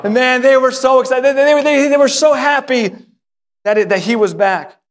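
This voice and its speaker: A male pastor preaching a sermon, telling a story with lively acted voices and repeating words when excited. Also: very high-pitched, moderate pace, a little hiss or hum. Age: adult, married. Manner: animated storytelling, acting out voices of the father and son. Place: church sanctuary. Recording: hall reverb.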